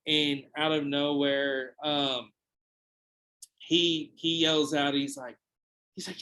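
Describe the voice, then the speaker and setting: A man's voice: on the high side, slow, fairly bright tone, poor audio. A young man hosting a podcast, telling a long anecdote in a casual, profane, rambling way with frequent restarts. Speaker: podcast host. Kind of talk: casual storytelling.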